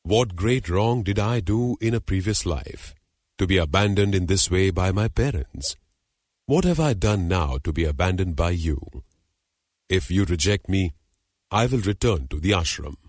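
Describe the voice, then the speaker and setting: A man reading the part of a proud, wronged young woman, a hermit's daughter, in an audiobook legend, with measured, formal, dignified delivery. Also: low voice, lively intonation, darkish tone, no echo, clean studio sound. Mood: pleading.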